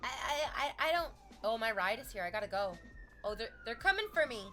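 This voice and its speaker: A woman streaming, reading chat aloud and chatting casually in an animated, exclamatory way that drifts into tangents. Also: on the high side, fairly quick, faint music behind.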